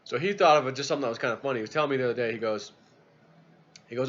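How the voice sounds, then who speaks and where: Low-key man telling a story. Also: racing, muffled recording. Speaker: YouTube news vlogger. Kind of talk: casual storytelling to camera.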